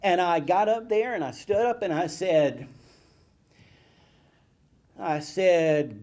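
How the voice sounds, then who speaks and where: A man telling childhood stories to an audience, animated and self-mocking. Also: fairly high pitch, slow, pauses often, a faint crowd. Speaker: guest speaker. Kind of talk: storytelling talk to an audience. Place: event hall with live audience.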